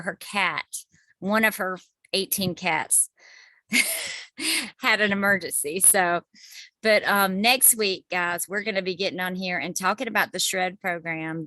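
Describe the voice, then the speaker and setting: A woman's voice: medium pitch, bright, forceful tone, dry recording. A woman hosting a group video call, upbeat and encouraging. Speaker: host of a wellness group call.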